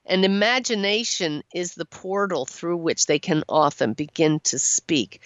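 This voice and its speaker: A woman's voice: lowish voice, dry recording, lo-fi sound. Encouraging woman hosting a call-in show. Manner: warm-voiced, encouraging, laughs often. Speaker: radio show host and channeler. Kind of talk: call-in radio talk. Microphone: studio microphone.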